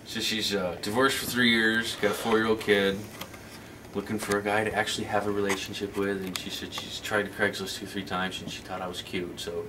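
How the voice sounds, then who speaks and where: A man's voice: fairly low pitch, noisy background. A man in his thirties telling a crude, profane anecdote in casual chat, acting out the dialogue as he goes. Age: 30s. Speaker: storyteller.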